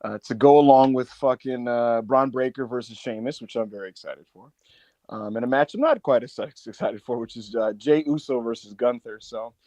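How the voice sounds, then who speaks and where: A man co-hosting a podcast, recapping and joking in profane, animated chat. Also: medium pitch, normal speed, no room sound, highs cut off. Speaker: podcast co-host. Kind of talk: casual chat.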